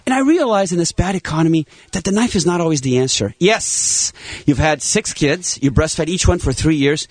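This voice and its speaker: A man in his fifties, a plastic surgeon guest on a talk show, chatting in an excitable, salesy and jokey way. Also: on the high side, moderate pace, few pauses, dry recording. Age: 50s. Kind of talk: animated talk show chat.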